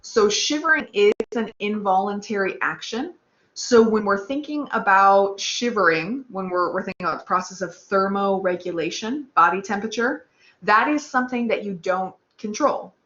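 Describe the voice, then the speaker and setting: An upbeat woman teaches an online anatomy lab and talks directly to her students. Her voice is bright and forward. It is recorded in an echoey room with a somewhat dull sound. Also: mid-range voice, moderate pace. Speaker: anatomy instructor. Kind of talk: live online lab lesson. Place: online class with text chat.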